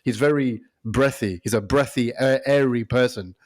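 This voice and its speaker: A man co-hosting a podcast in casual chat, animated and laughing often. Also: medium pitch. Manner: animated, laughs often, does quick impressions. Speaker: podcast co-host.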